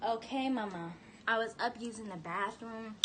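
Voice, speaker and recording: A woman's voice: fairly high pitch, moderate pace. Young woman vlogging her birth story, chatty and blunt, some background hiss. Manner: chatty, candid, talks to her baby in a sing-song voice. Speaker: vlogger, new mother. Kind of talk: casual vlog storytelling.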